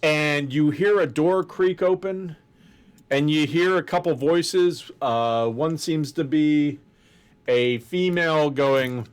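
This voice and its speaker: A man narrating as game master of a tabletop game in a deliberate, descriptive way. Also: fairly high pitch, clear, resonant tone.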